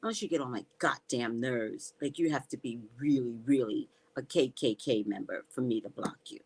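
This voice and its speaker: A woman's voice: rumbling low, moderate pace, a little mellow, breathy edge, low-quality recording. A woman psychic reader hosting a casual livestream, chatting in a rambling way and reading out viewer comments.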